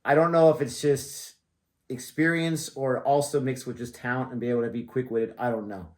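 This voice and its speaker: A man's voice: mid-range voice, steady tone, brisk. An American man hosting a reaction video, chatting casually and easily about the clip. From United States. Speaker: reaction channel host.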